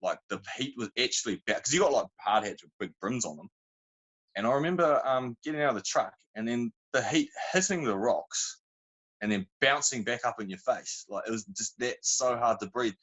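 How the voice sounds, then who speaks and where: This New Zealand-accented podcast guest has a mid-pitched, lively voice at ordinary speed, a little bright, though the audio quality is poor. His talk is relaxed storytelling, full of wandering, self-interrupted anecdotes and colloquial slang.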